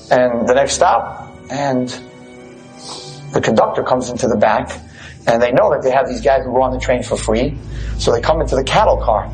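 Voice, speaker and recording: A man telling a parable in a sermon, animated and conversational. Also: a little high, low-quality recording. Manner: animated, conversational, asks "right?". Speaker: religious teacher. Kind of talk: sermon storytelling.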